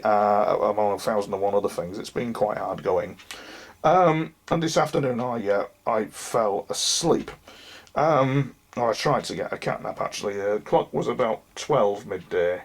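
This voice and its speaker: A man's voice: on the low side, animated, normal speed. A man talking earnestly to camera about his experiences, rambling and addressing viewers directly, unwell and losing his voice. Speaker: UFO experiencer. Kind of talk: monologue to camera.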